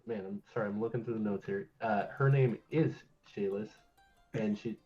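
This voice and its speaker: A man narrating a tabletop game as game master, casual and quick to laugh at his own slips. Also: on the low side. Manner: casual, laughing, self-correcting. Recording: dull lo-fi stream audio with faint music.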